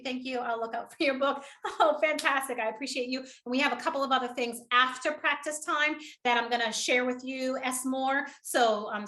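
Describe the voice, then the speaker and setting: A woman leading an online public speaking workshop, energetic and encouraging, often laughing. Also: sits high. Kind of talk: upbeat online workshop coaching.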